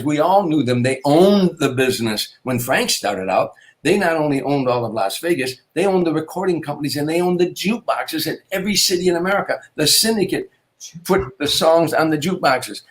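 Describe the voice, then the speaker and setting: An older man, a comedian, telling anecdotes in an interview, with repetitions and quick restarts. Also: fairly high pitch, lively intonation. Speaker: guest comedian. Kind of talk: storytelling interview.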